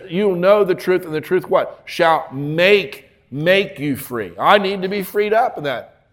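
A man preaching a sermon in a folksy, emphatic way, with joking asides and repeated phrases. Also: high voice.

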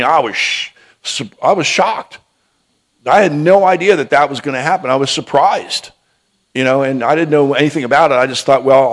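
Male preacher, mid-pitched, halting storyteller who restarts his sentences and tags his lines with "okay?". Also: fairly bright tone. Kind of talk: testimony and prophetic ministry.

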